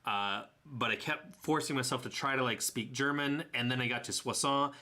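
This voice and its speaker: A man's voice: mid-range voice, moderate pace, sharp tone. A young man with a Tennessee accent narrating his trip photos in a casual, rambling way, often correcting himself with a chuckle. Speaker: travel vlogger.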